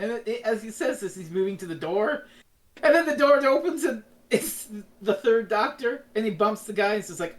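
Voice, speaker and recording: A woman co-hosting a casual review podcast, retelling scenes in an animated way and swearing freely. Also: medium pitch, normal speed. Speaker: podcast co-host.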